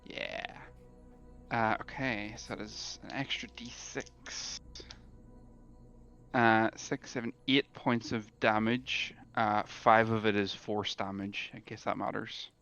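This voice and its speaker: A man's voice: on the low side, flat delivery, slow pace, creaky, a bit bright, dull audio, soft background music. A man playing a tabletop game, rambling with lots of fillers. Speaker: player.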